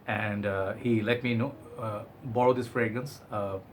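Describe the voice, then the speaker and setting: A man's voice: on the low side, steady tone, a little slow, slight background noise. A man giving a chatty, enthusiastic product review, often hedging with "I think". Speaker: fragrance reviewer.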